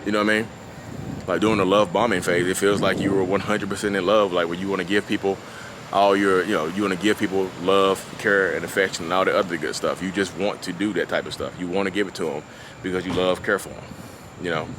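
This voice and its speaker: A man with a very low voice talks through a loose, unscripted vlog monologue, circling back on his points and padding them with "you know what I mean". He is outdoors at a beach, and steady open-air ambience with passing vehicles runs under his voice. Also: fast, noisy background. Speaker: vlogger discussing his own narcissism.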